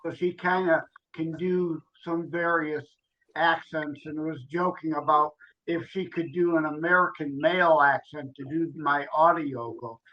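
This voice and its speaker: A man's voice: fairly high pitch, fairly even intonation, a little slow, dull audio. A man co-hosting a podcast, easygoing and explaining things in casual chat. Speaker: podcast co-host.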